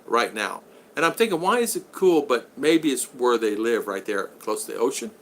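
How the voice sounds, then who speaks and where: A man's voice: medium pitch, animated, moderate pace, fairly bright tone, a little hiss or hum. A middle-aged man hosting a casual live stream, chatty, laughing often and thanking viewers over and over. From Florida. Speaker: live stream host reading super chats.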